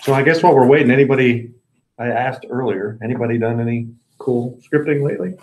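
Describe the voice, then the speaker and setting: A man's voice: mid-range voice, quick pace, darkish tone, rough recording. A man chatting easily and asking curious questions while hosting a user group meeting. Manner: easygoing, curious. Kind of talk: casual meeting chat.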